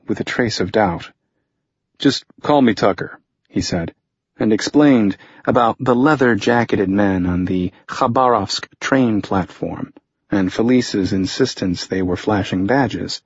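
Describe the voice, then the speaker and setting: A man narrating a thriller audiobook in an even, measured reading, voicing the hero in a dry, understated way. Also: fairly low pitch, slightly rough, no room sound, dull audio. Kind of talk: scripted narration.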